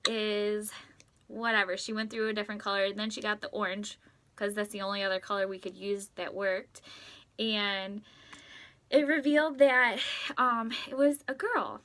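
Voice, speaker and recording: A woman in her thirties telling a story to her camera at home, chatty and excitable, often acting out what people said. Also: medium pitch, measured pace. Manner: chatty, excitable, lots of "like" and quoted dialogue. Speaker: vlogger. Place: at home, in a closet.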